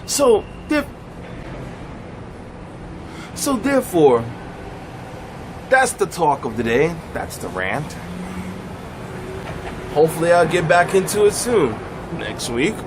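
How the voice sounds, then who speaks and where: A man giving a blunt comic rant to camera, animated and emphatic, sitting in a car. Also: background noise. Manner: animated, swooping pitch, drawn-out emphatic phrases. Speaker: vlogger.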